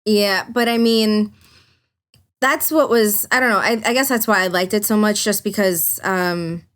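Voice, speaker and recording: A woman's voice: mid-range voice, measured pace, a bit bright. A woman on a gaming podcast panel who talks with enthusiasm and often restarts with "I mean". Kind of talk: casual gaming podcast chat.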